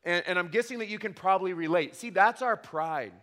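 A man in his thirties delivers a sermon as a pastor, his voice a touch high and his delivery animated and wry. He leans on emphatic repeats. The sound rings with the long reverb of a large church hall. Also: a little fast.

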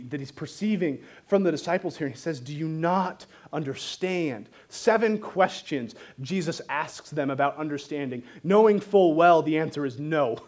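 A man preaching a sermon, reading scripture and explaining it in an animated, joking style. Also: a little high.

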